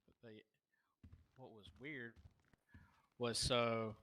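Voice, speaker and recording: A man's voice: medium pitch, steady tone, drawn-out words, sharp tone. A man playing a police cadet in a role-play game, telling anecdotes over voice chat and acting out the dialogue he quotes. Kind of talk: storytelling in voice chat.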